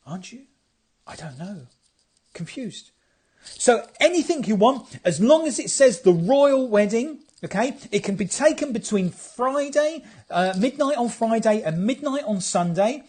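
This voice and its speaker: A chatty, light-hearted man talks straight into a phone camera on a live stream. His voice sits high for a man. He banters with his viewers and reads their comments aloud. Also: animated, unhurried, a little mellow, slightly rough. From England. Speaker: photographer hosting a live stream. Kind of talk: casual live-stream chat.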